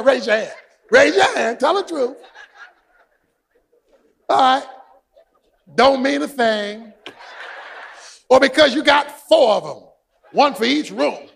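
A man preaching a sermon as pastor, shouting for emphasis and telling stories with asides. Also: high-pitched, gravelly. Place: church sanctuary. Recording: long hall reverb.

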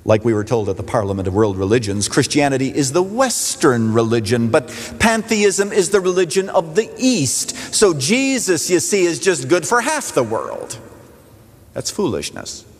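A man's voice: fairly high pitch, sing-song, moderate pace. A man preaching a sermon as a pastor, speaking emphatically and asking rhetorical questions in a church sanctuary. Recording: long hall reverb.

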